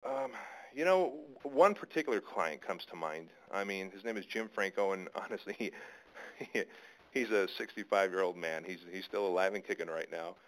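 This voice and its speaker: Male guest, casual storyteller; slightly low voice, rambling, with frequent restarts. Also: lively intonation, moderate pace, low-quality recording. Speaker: interview guest.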